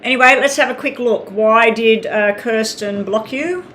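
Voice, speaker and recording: A woman's voice: fairly high pitch, normal speed, a bit bright. An Australian woman giving tarot readings on a live stream, chatting casually, reading out viewer names and talking while she eats. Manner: chatty, reads out names, talks while eating. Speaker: tarot reader. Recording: echoey room with faint ambient noise.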